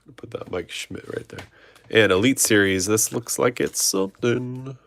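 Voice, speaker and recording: A man's voice: fairly low pitch, moderate pace, gravelly, fairly bright tone, slight background noise. A man hosting a trading card break, reading off player names and chatting with viewers. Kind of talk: live card-opening stream chat.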